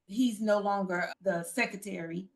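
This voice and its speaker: A woman from Chicago, a recruitment founder, speaking as a podcast guest in earnest, halting casual chat. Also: medium pitch. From Chicago, United States.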